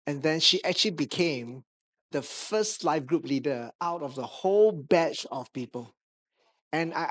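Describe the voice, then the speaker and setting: A man with a Malaysian English accent, preaching a sermon as a pastor, telling a lively anecdote with touches of humor. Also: fairly high pitch. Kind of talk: sermon storytelling. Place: church stage.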